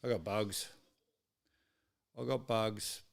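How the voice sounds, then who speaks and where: A man's voice: fairly low pitch, fairly even intonation, slow, creaky. A man with an Australian accent hosting a live sports stream, swearing freely as he tells exasperated stories. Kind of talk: casual ranting chat.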